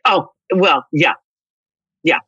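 A woman's voice: low-pitched, slow pace, sharp tone, breathy edge, dry recording, highs cut off. An older woman being interviewed as a guest, talking in a casual way with dry, wry humor.

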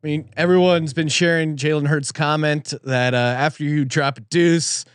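A man's voice: a little high, steady tone, moderate pace, smooth, no echo, clean studio sound. A man co-hosting a casual sports betting chat, joking and laughing easily. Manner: laughs easily, jokey, rambling. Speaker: sports betting show co-host.

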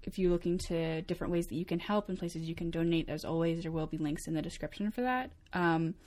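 A young woman co-hosting a casual chat with a slightly low voice. She talks in a chatty way, with many fillers and frequent laughs. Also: quick pace, a little mellow. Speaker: co-host.

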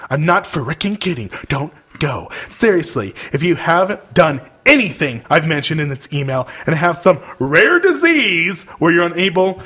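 A man's voice: a little high, a bit bright, husky. A young man on a casual podcast, reading an email aloud with mock outrage and breaking into laughter between lines. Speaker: podcast co-host.

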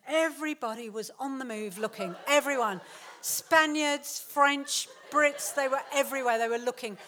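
Middle-aged woman, author telling a comic story on stage, animated, slightly high voice. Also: normal speed, slight background noise. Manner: animated, laughing, acts out quotes. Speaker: author giving a talk. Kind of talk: storytelling to a live audience. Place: theatre stage.

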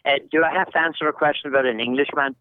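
A man's voice: fairly high pitch, racing, no echo. An older man with an Irish accent, a soccer commentator telling jokey stories as a podcast guest. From Ireland. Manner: jokey storyteller. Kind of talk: casual podcast interview. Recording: dry, tinny phone-like line.

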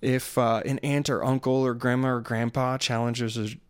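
A man's voice: medium pitch, normal speed, clean tone, no echo. A man in his thirties, tired and yawning, rambling through a casual solo podcast about his day. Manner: rambling storyteller, yawning, relaxed. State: tired, sleepy. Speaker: podcast host.

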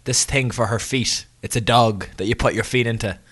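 A man's voice: mid-range voice, normal speed, fairly bright tone, breathy edge. A man co-hosting a podcast, chatting casually in a rambling, jokey way and correcting himself as he goes. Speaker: podcast co-host. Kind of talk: casual chat.

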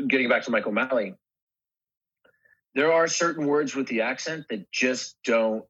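A husky, breathy male voice on a slightly dull, muffled recording. A guest actor in relaxed podcast conversation, he circles his thoughts and often restarts a phrase before finishing it. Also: mid-range voice. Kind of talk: casual podcast chat.

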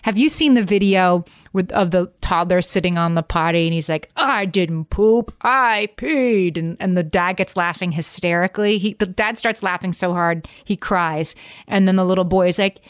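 Low-voiced woman podcast co-host. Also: brisk, clean tone, no echo, studio quality. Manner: storytelling, animated when retelling anecdotes. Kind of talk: casual podcast chat.

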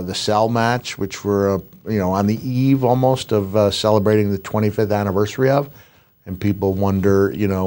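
Middle-aged male podcast host, low voice, animated rambling storyteller. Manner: animated, rambling anecdotes with restarts. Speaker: podcast host, retired wrestler. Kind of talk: storytelling in casual chat.

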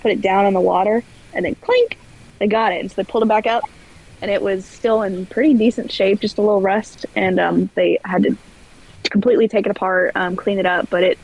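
A woman telling stories as a guest on a podcast, chatty and quick to laugh. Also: mid-range voice, fairly even intonation, gravelly, darkish tone, low-quality recording. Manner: chatty storyteller, laughs often. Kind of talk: casual podcast chat. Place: where floods hit badly.

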